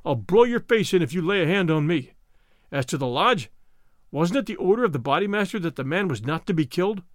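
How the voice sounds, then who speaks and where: A man's voice: on the high side, expressive, a little fast, no room sound, studio quality, close to an everyday voice. A man voicing a bold young male newcomer who speaks in a firm, commanding way.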